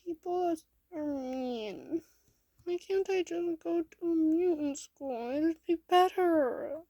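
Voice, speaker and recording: Woman doing a teary little kid voice, way up high, stumbling over words. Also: warm tone, dry recording, highs cut off. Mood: tearful. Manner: halting, tearful, high. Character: small frightened little child. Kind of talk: fan story reading.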